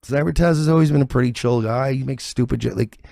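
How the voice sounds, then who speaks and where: Gravelly rambling man hosting a stream. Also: medium pitch, fast talker, mellow, no echo, studio quality. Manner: rambling, profane, many restarts. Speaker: stream host. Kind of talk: casual reaction commentary.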